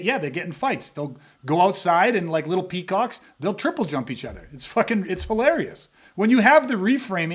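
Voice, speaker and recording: A man with a noticeably high voice talks through a casual podcast monologue as a self-defense instructor. He swears freely and tells his stories with animation, acting out the people in them. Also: husky. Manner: profane, animated storyteller acting out quoted voices.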